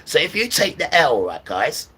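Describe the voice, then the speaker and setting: A man's voice: a little high, very animated, normal speed, pushed and bright, distant mic, poor audio. A man preaching and ranting to viewers on a livestream, often checking in with "right?".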